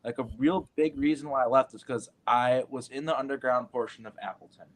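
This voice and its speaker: A man's voice: medium pitch, fairly even intonation, a little fast. Rambling man in casual chat. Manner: rambling, filler-heavy, earnest. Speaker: guest. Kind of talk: casual round-table chat.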